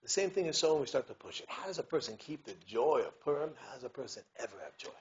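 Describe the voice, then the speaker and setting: A man, a rabbi giving a community talk, telling stories in an animated way, acting out voices and dropping "right?" asides and restarts. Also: medium pitch, fast talker. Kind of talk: lively storytelling lecture. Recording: dull lo-fi recording with faint hiss.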